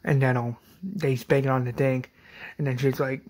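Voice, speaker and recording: A man recaps a fan-made episode in a loose, rambling way, leaning on ums and likes and restarting his sentences. His voice is somewhat husky, pitched in the middle. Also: flat delivery, a little slow, darkish tone. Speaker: channel host recapping a fan series.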